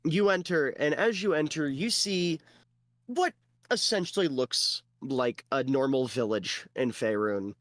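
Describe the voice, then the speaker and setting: A man narrating as game master in a relaxed way, with lots of fillers. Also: on the high side, a little slow, no echo.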